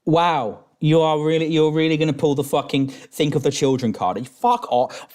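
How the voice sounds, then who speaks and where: A man's voice: on the high side, normal speed, hardly any pauses, darkish tone. A man streaming a reaction who rants angrily, swears constantly and talks in rambling restarts while drinking. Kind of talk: profane reaction rant.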